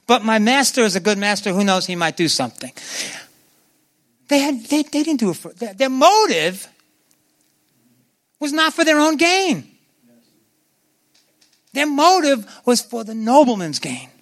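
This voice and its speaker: A man's voice: unhurried, long pauses. A man preaching a sermon to a congregation, asking them questions and acting out scripture with big swings in his voice. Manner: animated, acts out biblical voices with swings in pitch.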